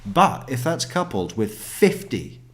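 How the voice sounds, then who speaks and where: A man's voice: mid-range voice, sing-song, takes it slowly. A man giving profane, sarcastic true crime commentary, exasperated and mocking as he argues his point. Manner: swears constantly, sarcastic and exasperated, mocks others in put-on voices.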